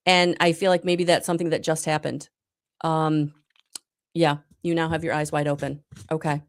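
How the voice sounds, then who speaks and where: A woman giving live tarot readings to viewers, talking in a soft, spiritual way with many pauses and ums. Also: low voice, level tone. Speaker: tarot reader.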